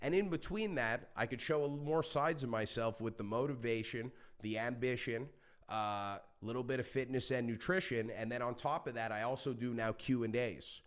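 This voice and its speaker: Passionate, fired-up man with a smooth voice. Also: mid-range voice, normal speed. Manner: animated, swearing, passionate storyteller. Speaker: podcast guest. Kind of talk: casual interview talk.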